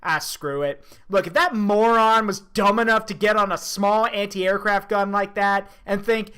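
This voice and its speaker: A streamer giving casual reaction commentary, joking and crude, thinking out loud. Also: mid-range voice, fairly even intonation, a little slow, hardly any pauses, clear, resonant tone.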